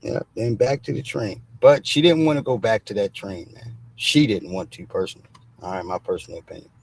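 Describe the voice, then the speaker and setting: A man's voice: on the low side, fairly quick, creaky, breathy edge. A man hosting a livestream, giving blunt, casual commentary full of street slang and swearing, and he keeps saying "all right". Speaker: show host. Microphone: streaming mic.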